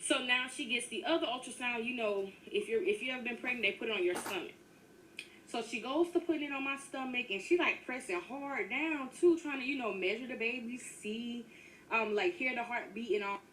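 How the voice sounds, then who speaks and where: A woman's voice: fairly high pitch, a little fast, fairly bright tone. A woman narrates a personal story in a chatty, casual storytime way, talking straight to her listeners. She sounds a little far from the mic, with a faint hiss behind her. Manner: chatty, addresses listeners as y'all. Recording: distant mic with faint noise.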